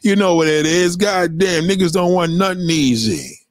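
A man hosting a livestream, ranting bluntly and lecturing his viewers between shout-outs. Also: high-pitched, expressive, moderate pace, dry recording, studio quality. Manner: blunt and preachy, swears constantly, lectures the chat. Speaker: livestream host. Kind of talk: profane livestream rant.

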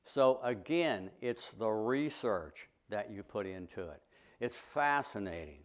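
A man's voice: fairly low pitch, animated, slow pace. A middle-aged man, a sculptor, giving a folksy, plainspoken talk to a history club, full of anecdotes and blunt opinions.

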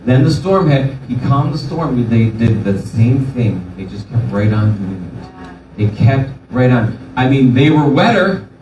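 A man's voice: mid-range voice, animated, measured pace, darkish tone, a little hiss or hum. A male pastor giving a sermon, telling the story animatedly and putting on voices for the people in it. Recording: echoey room from far off.

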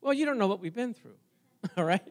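A man preaching a sermon, telling a personal story to his congregation in an animated way and talking directly to them. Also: high-pitched, brisk.

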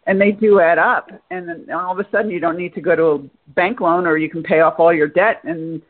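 A woman guest in a business interview speaks in a husky voice. She gives direct, plain-spoken advice. Her audio comes through narrow and thin, like a phone call. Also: on the low side, fairly even intonation, a little fast.

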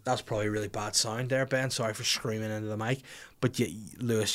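A man's voice: lowish voice, fast. Young guy ranting on his podcast, swears a lot, acts out bits. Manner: sweary, animated, acts out little scenes. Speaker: podcast host. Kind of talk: comedic podcast rant.

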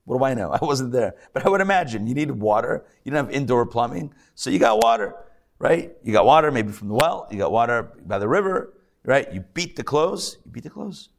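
A rabbi teaching a live class before an audience, chatty with joking asides and many fillers and restarts. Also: male voice, mid-range voice, very animated, fairly quick.

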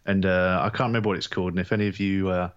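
Deadpan man, low voice, dull mic. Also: rapid-fire, smooth. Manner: deadpan, dry humour, rambling anecdotes. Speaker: podcast co-host. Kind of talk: casual chat.

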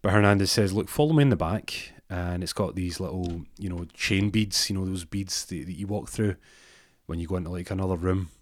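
Deep-voiced man telling a story. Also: level tone, brisk, no room sound. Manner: rambling, with restarts and asides. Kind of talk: casual comic storytelling.

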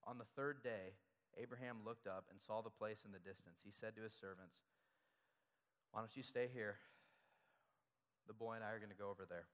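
A man's voice: on the low side, fairly even intonation, normal speed, pauses often, fairly bright tone. Conversational man preaching in a reverberant hall. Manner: conversational, repeats key phrases for emphasis. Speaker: pastor. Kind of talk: sermon.

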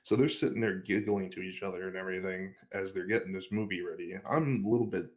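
With a low, steady voice and a rapid pace, a young man tells an extended story as a guest on an interview, and the audio is lo-fi. He's casual and profane, wandering through the tale and laughing along the way.

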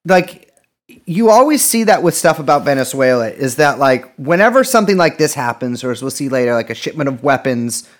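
A man's voice: mid-range voice, sing-song, brisk. A man co-hosting a casual political podcast, joking around, swearing freely and often restarting his sentences. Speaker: podcast co-host.

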